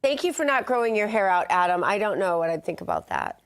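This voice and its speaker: A woman's voice: medium pitch, very animated, fast, clear, resonant tone. A woman co-hosting a morning news show, chatting casually and reading health news in an upbeat, chatty way from a studio. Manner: chatty, upbeat, laughs easily. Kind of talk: casual chat and read health news segment.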